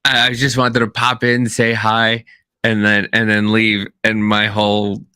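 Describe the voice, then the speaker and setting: A man's voice: on the low side, monotone, measured pace, bright, forceful tone, smooth, dry recording, studio quality. A man co-hosting a podcast, telling rambling stories in casual chat, full of restarts and fillers. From Kansas. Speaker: podcast co-host.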